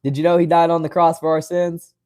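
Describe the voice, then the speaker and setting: A man in his twenties from West Virginia, casually reading and answering viewer comments on his livestream, friendly and quick to laugh. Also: fairly high pitch, flat delivery, darkish tone, smooth. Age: 20s. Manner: friendly, calls viewers brother, laughs often. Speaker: livestream host.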